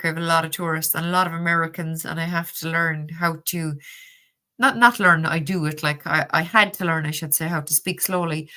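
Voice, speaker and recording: Lively Cork Irish woman, bright voice. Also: fairly low pitch. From Ireland. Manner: chatty, laughs often, swears casually. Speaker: tarot deck reviewer reading live chat. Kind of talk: casual live-stream chat.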